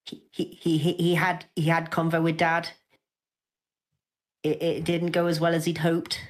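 A woman with a lower voice speaks slowly in a jokey put-on voice. She rambles through her intro. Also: monotone. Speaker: moderator and player.

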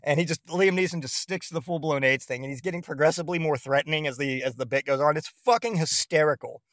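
Male podcast host, profane rambling monologue, higher-pitched, dry recording. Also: fast, no echo. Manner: profane, rambling, animated retelling.

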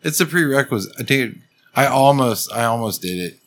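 A man's voice: mid-range voice, animated, normal speed, a bit bright. A man chatting casually with friends, offhand and laid-back. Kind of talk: casual podcast banter.

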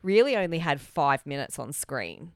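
A woman co-hosting a podcast in casual chat, talking fast and loose, laughing often and restarting words. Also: low voice, sing-song, dry recording, studio quality. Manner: chatty, laughs often, restarts mid-word. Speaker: podcast co-host.

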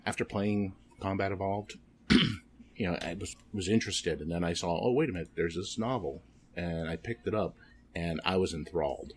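Deep male podcast guest, hesitant and rambling, faint ambience. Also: slight background noise. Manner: halting, many ums and restarts. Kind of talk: casual podcast chat.

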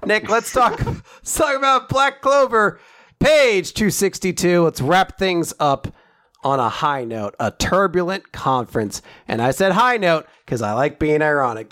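A man co-hosting a podcast, recapping manga chapters in casual chat, joking and sarcastic, acting out characters in quick voices. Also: fairly high pitch, lively intonation, a bit bright, dry recording, clean studio sound. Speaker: podcast co-host.

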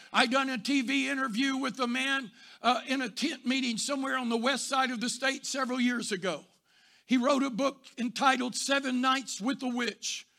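A man preaching a sermon, telling stories and rising to shouts before dropping soft. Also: extremely high pitch, creaky. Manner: builds to shouting, then drops soft. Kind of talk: sermon with storytelling.

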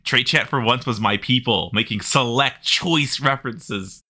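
Bright-voiced man, joking podcast co-host. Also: medium pitch. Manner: laughs often, jokey, quick asides. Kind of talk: casual chat.

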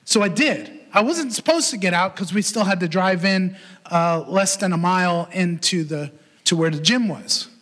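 A man preaching a sermon as pastor and podcast host, telling a story in an animated way and acting out the voices he quotes. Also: high voice, normal speed. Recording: long hall reverb.

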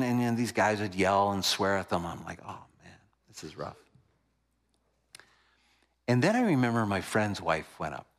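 A middle-aged man preaching a sermon, telling a personal story with lively energy that drops to hushed tones at moving moments. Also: mid-range voice.

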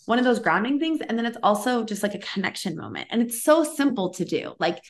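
A woman podcast host in her thirties, talking in a loose, chatty interview style. She gushes freely and strings her thoughts together with plenty of "like"s and quick restarts. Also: a little high, sing-song. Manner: chatty and effusive, many "like"s. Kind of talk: casual interview chat.

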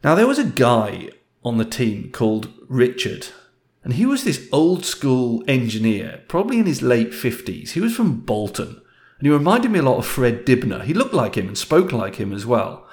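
A man's voice: medium pitch, big pitch swings, moderate pace, darkish tone. A man telling a story from his working life in a casual, reflective and self-deprecating way. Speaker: speaker sharing a career story.

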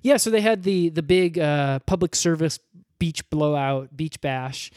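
A man co-hosting an improvised comedy podcast, deadpan and halting, with lots of ums. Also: a little high, no room sound, studio quality.

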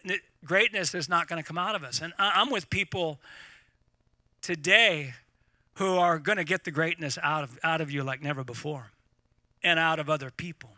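A middle-aged man preaching to a live congregation, animated and repeating words as he talks. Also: sits high, dry recording. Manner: animated, repeats words, laughs at own points. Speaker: pastor.

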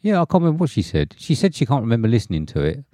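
A man's voice: medium pitch, huge pitch swings, very fast, warm tone, dry recording, clean studio sound. A man co-hosting a podcast, laid-back and laughing in casual banter from a small shed. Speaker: podcast co-host.

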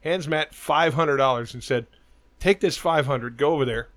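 A middle-aged man hosting a podcast wanders through a loose, swear-filled story as casual talk. His voice sits a little high with a fairly bright tone at normal speed, and the recording is dry.

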